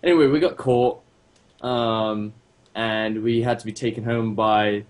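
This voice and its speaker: Low-voiced man in casual, swearing chat. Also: steady tone, a little slow. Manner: casual, swears often, many fillers. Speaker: podcast co-host.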